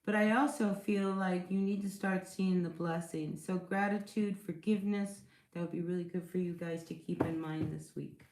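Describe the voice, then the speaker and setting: A woman's voice: lowish voice, fairly even intonation, moderate pace, hardly any pauses, darkish tone, roomy sound, a little hiss or hum. A woman giving a casual tarot reading to her viewers, chatty and reassuring, often checking in with "all right?" and "you know". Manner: chatty, reassuring, with many fillers and rhetorical check-ins. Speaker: tarot reader.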